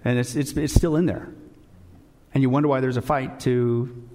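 A man's voice: mid-range voice, steady tone, normal speed, dark tone, big-room sound. Indignant male political commentator. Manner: urgent, indignant, addresses audience as folks. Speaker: host.

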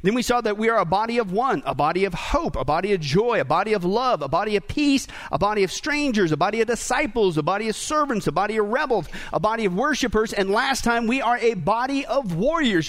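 A man's voice: high voice, brisk, hardly any pauses. A man preaching a sermon, speaking directly to the congregation and often checking in with "right?" and "okay?". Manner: animated, talks to the congregation directly; frequent tag questions like "right?" and "okay?". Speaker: pastor. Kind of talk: sermon with a joke.

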